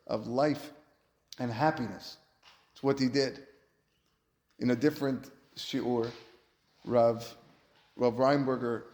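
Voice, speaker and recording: A man's voice: medium pitch, darkish tone. A man, a rabbi, giving a sermon-style lesson with earnest, rhetorical storytelling. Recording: roomy echo.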